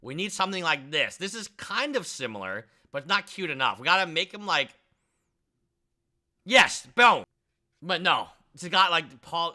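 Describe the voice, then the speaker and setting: A man hosting a casual live stream, talking in excitable, rambling, jokey bursts. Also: a little high, a little slow.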